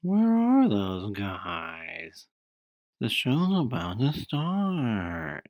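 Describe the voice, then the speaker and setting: A man's voice: on the low side, wildly swooping pitch, drawn-out words, a little mellow, heavily acted. A man playing a goofy sci-fi show host who worries aloud and fiddles with gadgets. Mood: worried.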